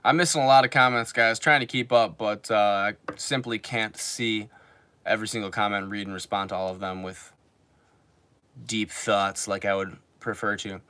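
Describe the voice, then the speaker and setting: In a lowish, bright, and forceful voice with fairly even intonation, a man in his twenties talks at a moderate pace during a casual stream from his home in Japan. He reads viewer comments and spins rambling, filler-laden stories, with no room sound audible.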